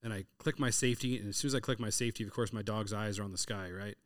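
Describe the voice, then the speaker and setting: A man in his thirties with a fairly low voice tells hunting anecdotes in a relaxed, casual chat, acting out the dialogue as he goes. The sound is dry and close. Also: racing, no echo. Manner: storytelling, animated retelling of hunting anecdotes with quoted dialogue. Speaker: podcast host.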